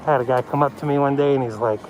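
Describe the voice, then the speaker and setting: A man from the Pacific Northwest giving rambling, casual live-stream commentary while filming a street protest on a handheld phone, often dropping to a low voice. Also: fairly even intonation, rapid-fire. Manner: chatty, rambling, often lowers his voice. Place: outdoors on a city street at a protest. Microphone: handheld phone camera. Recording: loud crowd noise around the speaker.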